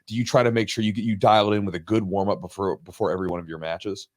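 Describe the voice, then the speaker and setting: Fast-talking low-voiced podcast host. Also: male voice, steady tone. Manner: conversational, shares own experience before asking. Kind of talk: casual interview talk.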